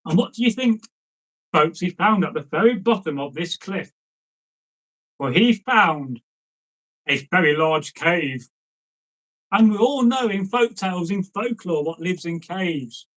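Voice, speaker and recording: A male storyteller with a fairly high voice, spinning a folk tale in a loose, chatty way. He rambles, corrects himself and keeps speaking directly to his listeners with casual asides. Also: fairly bright tone, poor audio.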